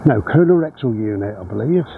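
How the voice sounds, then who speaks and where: A man's voice: fairly low pitch, animated, fairly quick, creaky, phone-quality sound. A man vlogging casually while walking his dogs outdoors, chatty and meandering, a little out of breath. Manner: meandering, chatty, self-correcting. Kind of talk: casual rambling chat. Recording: outdoor recording with background noise.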